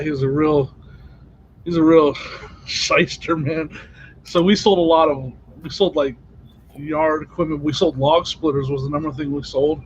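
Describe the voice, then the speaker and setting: A man's voice: on the high side, a little hiss or hum. Reseller co-host, man, chatty storyteller on a muffled stream mic. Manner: storytelling, laughs mid-sentence. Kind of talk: casual chat.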